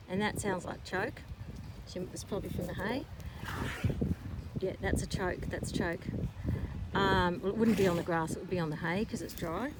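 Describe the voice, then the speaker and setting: A woman, a horse owner, chatting casually outdoors and talking to her horses. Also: mid-range voice. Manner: chatty, coos and scolds the horses. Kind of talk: casual chat to camera and to horses. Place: windy rural paddock outdoors. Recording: loud wind noise outdoors.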